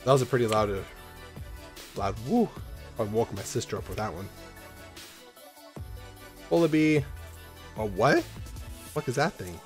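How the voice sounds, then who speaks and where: A man vlogging as he opens trading card packs at home. He rambles, swears freely and now and then breaks into loud, excited whoops. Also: medium pitch, moderate pace, long pauses, faint music behind. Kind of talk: casual rambling vlog. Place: at home in an apartment.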